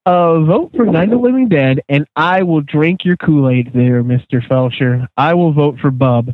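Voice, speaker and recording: A man hosting a casual podcast chat, moderating the panel's votes in an animated way. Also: on the high side, moderate pace, no room sound. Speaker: podcast host. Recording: tinny lo-fi phone-like sound.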